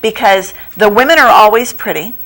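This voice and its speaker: A middle-aged woman who runs a bookstore, chatting as a guest in a local TV studio interview, animated and quick to laugh as she retells plots. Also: low-quality recording. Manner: acts out quoted lines in a higher voice. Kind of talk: casual TV interview chat.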